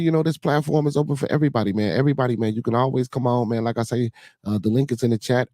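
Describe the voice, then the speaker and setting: A man's voice: mid-range voice, mellow, dry recording. A man hosting a casual livestream chat, talking in a loose, rambling way with many fillers and a Chicago accent. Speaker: podcast host.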